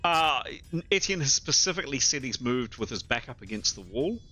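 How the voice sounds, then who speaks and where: A man running a tabletop game as game master, talking in halting bursts and repeating words as he rules. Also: mid-range voice, very animated, sharp tone, husky.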